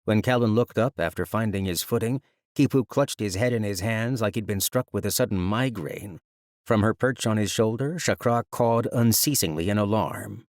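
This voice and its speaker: Recorded close on a studio microphone without echo, a lowish-voiced man reads a fantasy audiobook. His storytelling is measured and even.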